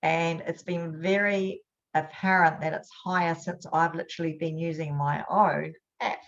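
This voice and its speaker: A woman's voice: low voice, steady tone. Upbeat chatty woman, dull webinar audio. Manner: upbeat, chatty, quick bursts. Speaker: hypnosis trainer hosting a webinar. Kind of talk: casual webinar talk.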